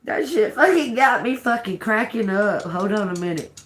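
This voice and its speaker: A woman's voice: medium pitch, lively intonation. An older woman, hosting a casual tarot livestream, giggling and laughing through her words, with plenty of swearing. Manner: giggly, laughing through speech, profane, slow drawl. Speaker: tarot reader livestream host.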